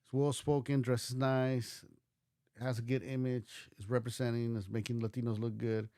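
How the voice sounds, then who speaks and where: A man from the United States hosts a casual livestream reaction. He rambles, restarts often and swears bluntly, and his voice is mellow and warm. The sound is dry and close, with no room around it. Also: mid-range voice, level tone, moderate pace, no room sound. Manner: rambling, many restarts and fillers. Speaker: livestream host.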